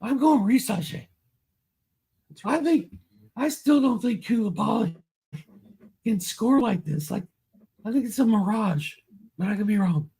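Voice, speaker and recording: A man's voice: sits high, lively intonation, a little slow, vocal fry, long pauses, warm tone, breathy edge. A man co-hosting a casual sports podcast as analyst, emphatic and slangy with blunt opinions. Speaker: co-host and fantasy analyst. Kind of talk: casual fantasy basketball podcast chat.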